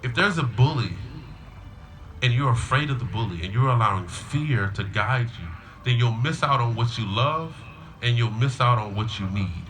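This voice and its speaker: A man's voice: medium pitch, expressive, normal speed, fairly bright tone, slight background noise. A middle-aged man, a school coach, giving a storytelling graduation speech to students and parents. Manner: storytelling, acts out a child's whiny voice in quotes.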